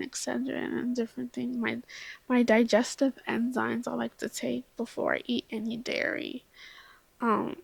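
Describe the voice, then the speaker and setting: A young woman vlogger telling a rambling, self-deprecating story in casual chat, a little tipsy, with laughs and soft whispered asides. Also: a little high, gravelly, dry recording.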